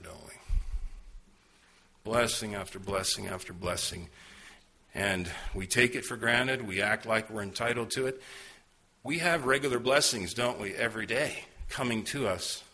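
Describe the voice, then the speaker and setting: Male preacher, earnest sermon delivery, fairly low voice with a husky edge. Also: bright, forceful tone. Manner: earnest, storytelling preacher with rhetorical questions. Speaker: pastor.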